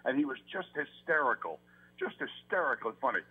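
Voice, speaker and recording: An older sportscaster from New York talks on a radio show through a tinny, phone-like line. His answers run long and loop back on themselves with many restarts. His pitch sits in the middle range for a man. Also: lively intonation, a little fast, breathy edge. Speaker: sportscaster guest. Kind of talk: casual radio interview.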